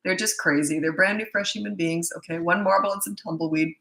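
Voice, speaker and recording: A woman's voice: lowish voice, fairly even intonation, brisk, pushed and bright. A middle-aged woman, a parenting coach, bluntly and emphatically answering viewer questions in a live Q&A session. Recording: echoey room.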